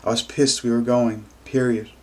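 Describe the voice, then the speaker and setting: A man reading a novel aloud in first person, with steady, even delivery. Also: mid-range voice, moderate pace. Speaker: amateur reader.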